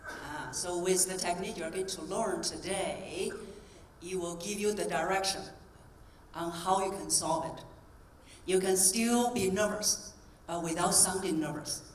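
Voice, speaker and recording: A woman voice coach giving a live stage talk, coaching the audience through breathing exercises in a clear, encouraging tone. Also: lowish voice, a little slow, a little hiss or hum. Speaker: voice coach and keynote speaker. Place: convention hall stage. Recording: roomy hall sound from a distance.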